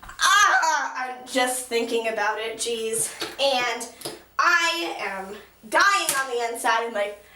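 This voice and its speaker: A teenage girl vlogging in an excitable, gushing way, swearing casually while she tells a story and does her makeup. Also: on the high side, slow, slight background noise. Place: small echoey room at a mirror. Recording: echoey room.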